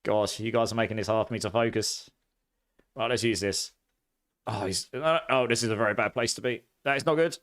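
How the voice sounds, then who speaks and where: A chatty man with an Essex accent mixed with a bit of posh English, giving live commentary while he plays. He laughs easily and reacts with excitable bursts. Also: lowish voice, fairly quick. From near London, England. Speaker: streamer.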